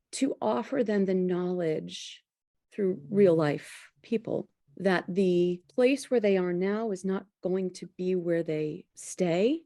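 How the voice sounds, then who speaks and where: A woman hosting a podcast interview, introducing her guest and then reflecting in a measured, deliberate way. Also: fairly low pitch, mellow, no echo, studio quality. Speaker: podcast host.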